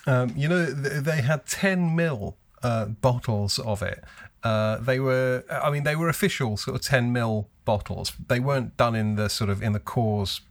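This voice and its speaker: A man's voice: mid-range voice, measured pace, dry recording. A man co-hosting a podcast, talking enthusiastically and swearing for emphasis. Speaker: podcast co-host. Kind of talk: casual chat.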